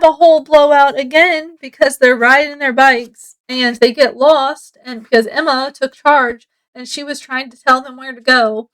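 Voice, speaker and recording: A woman's voice: high voice, steady tone, moderate pace, hardly any pauses, a bit bright, poor audio. A woman reviewing a book casually, summarizing the plot in a chatty, meandering way with many fillers.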